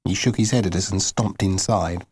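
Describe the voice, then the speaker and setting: A man narrating an audiobook in the first person, in a low, subdued storytelling manner. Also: moderate pace, darkish tone, slightly rough, dry recording.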